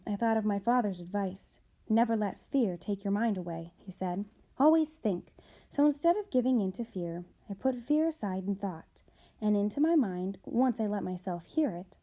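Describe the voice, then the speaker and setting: Storybook role: woman voicing a boastful male storyteller, animated. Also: mid-range voice, normal speed, close to an everyday voice. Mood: dramatic. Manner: dramatic, animated telling. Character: boastful male storyteller recounting his scare.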